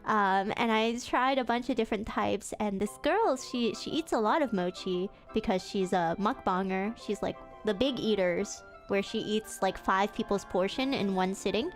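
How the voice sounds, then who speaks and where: A woman's voice: medium pitch, normal speed, few pauses, soft background music. A woman VTuber chatting casually on stream, telling a story with lots of laughter and stumbling restarts. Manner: animated storytelling with frequent laughter; self-repeating, stumbling restarts.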